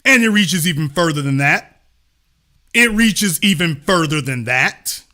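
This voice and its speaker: A man's voice: a little high, animated, measured pace, sharp tone. A middle-aged man hosting a live-streamed commentary monologue, emphatic and repetitive with a preacher-like cadence and casual swearing. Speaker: host.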